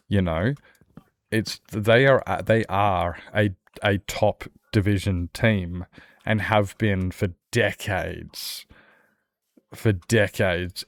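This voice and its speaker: Low-voiced man rambling while gaming. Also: no room sound. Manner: storytelling, acts out his own reactions, frequent restarts. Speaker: streamer.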